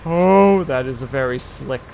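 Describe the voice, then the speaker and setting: A man's voice: medium pitch, normal speed, creaky, a little hiss or hum. A man streaming a game, chatting casually and joking with his chat and co-player. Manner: lively, animated, jokey with chat.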